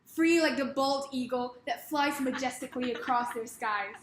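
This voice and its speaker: A high voice at a moderate pace: a young Singaporean-accented woman giving a comic speech in an echoey room. She's playful and mock-grandiose, laughing between her lines.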